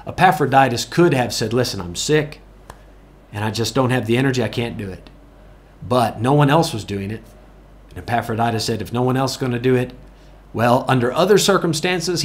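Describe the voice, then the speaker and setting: A man preaching a sermon, telling a story earnestly and repeating key phrases for emphasis. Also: fairly high pitch. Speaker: pastor.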